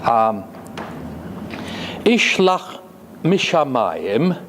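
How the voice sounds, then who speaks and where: A man giving a classroom lecture, speaking deliberately with frequent fillers and reading phrases slowly before explaining them. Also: medium pitch, very animated, fairly bright tone. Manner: deliberate, halting with many fillers; reads Hebrew slowly, then glosses it. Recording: echoey hall with faint noise.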